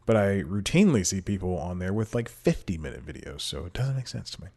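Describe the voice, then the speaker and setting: At home, with a TV playing in the room, a podcast host rambles through a casual solo intro into his desk microphone, joking at his own expense and laughing at himself. His lowish voice is a little mellow and sing-song, and he talks fast.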